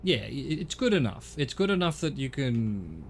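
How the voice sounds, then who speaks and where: A man's voice: medium pitch, sing-song, moderate pace, gravelly, a little hiss or hum. Rambling middle-aged Australian man. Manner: rambling, chatty, swears casually. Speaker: streamer. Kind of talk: casual gaming stream chat.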